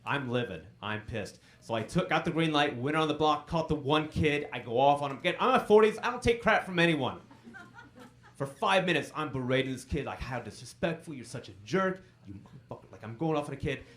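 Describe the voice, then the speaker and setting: A man in his forties performs stand-up at a comedy club into a handheld mic. His pitch swings widely as he tells stories, jumping up loud whenever he acts out a line. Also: a little fast. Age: 40s. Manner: animated storytelling, acts out quotes in bursts.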